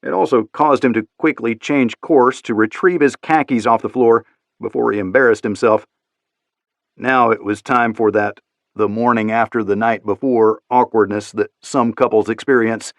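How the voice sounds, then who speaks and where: A man's voice: on the low side, dry recording. Man narrating an audiobook, dry sound. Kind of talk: scripted narration.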